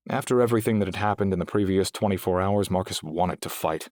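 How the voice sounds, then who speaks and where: A man narrating a science fiction audiobook in a steady, even storytelling manner. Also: deep voice, quick pace, hardly any pauses, dry recording, studio quality. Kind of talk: scripted narration.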